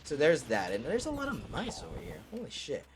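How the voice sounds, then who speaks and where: Lively, excitable man narrating a video game, rambling and cursing; wildly varied and fairly high pitch. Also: a little fast, background noise. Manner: rambling, excitable, swears and laughs. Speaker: let's play host. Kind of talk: gameplay commentary.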